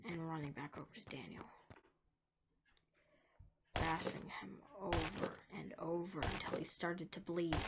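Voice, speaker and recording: A woman narrating a dark story, moving between hushed whispers and emphatic lines. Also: on the low side, a little hiss or hum.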